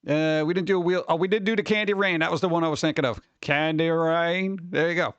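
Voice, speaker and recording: A man hosting a livestream, chatting casually and rambling excitably with viewers, often laughing. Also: on the high side, fast, lo-fi sound, slight background noise. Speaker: livestream host. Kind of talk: casual chat with live viewers.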